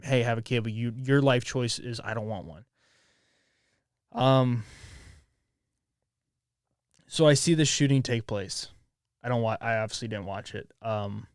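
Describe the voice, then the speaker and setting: Heard here is a twenty-something podcast host going solo, rambling frankly with frequent restarts and plenty of swearing. The recording is dry and clean, studio-grade, and his medium-pitched voice has a clean tone.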